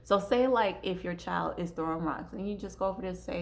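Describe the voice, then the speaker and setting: A woman's voice: on the low side, fairly quick, gravelly. A woman hosting a parenting talk, speaking casually with features, acting out little example dialogues and circling back to her points. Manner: conversational, gives acted examples, repeats herself. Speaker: parenting channel host.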